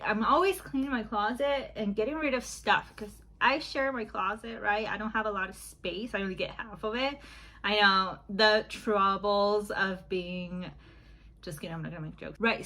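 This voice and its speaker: Chatting and laughing as she puts on makeup at home, a YouTube beauty vlogger in her thirties records herself with the back camera of a phone. Her voice is mid-range and a bit bright, and the recording is low-quality.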